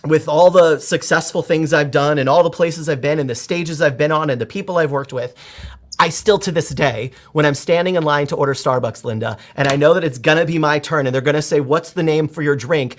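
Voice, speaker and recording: A man in his forties tells stories as a podcast guest, animated and expressive. His voice sits a little high for a man, and he often restarts his sentences as he talks. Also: a little fast. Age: 40s. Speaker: guest, performance coach. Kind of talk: conversational podcast interview.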